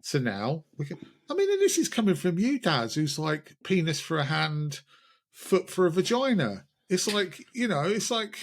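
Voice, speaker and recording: A man's voice: sits high, huge pitch swings, normal speed. A man co-hosting a casual pub-style podcast chat, rambling and joking at himself. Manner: rambling, jokey, self-mocking. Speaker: podcast co-host.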